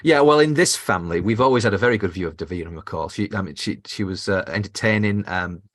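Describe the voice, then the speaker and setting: A man's voice: on the low side, quick pace. A man hosting a podcast interview, chatting casually and often restarting phrases while he searches for words. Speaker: podcast host.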